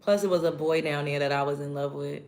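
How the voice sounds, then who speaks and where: A woman's voice: low voice, fairly even intonation, fast talker, a little mellow. A young woman from New York chatting casually with viewers on a livestream while doing her makeup. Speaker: livestream host.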